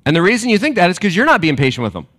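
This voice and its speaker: A man preaching a sermon to a congregation, animated and emphatic, then dropping to quiet reflective questions. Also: high voice, racing. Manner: direct address to a congregation with rhetorical questions. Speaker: pastor.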